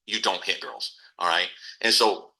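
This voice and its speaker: A man's voice: sits low, unhurried, pushed and bright, poor audio. A middle-aged man, a podcast guest, telling a folksy, matter-of-fact story about raising his kids. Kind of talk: casual storytelling.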